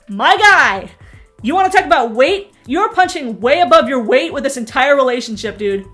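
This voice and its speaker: A young woman doing sarcastic TV recap commentary, snarky and quick to laugh at her own jokes. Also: sits high, animated, a bit bright, faint music behind. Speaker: recap vlogger.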